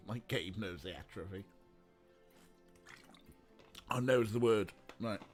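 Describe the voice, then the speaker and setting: A man's voice: on the low side, slow, faint music behind. A man streaming an adventure game, making joking asides and laughing at the dialogue. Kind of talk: casual let's play commentary.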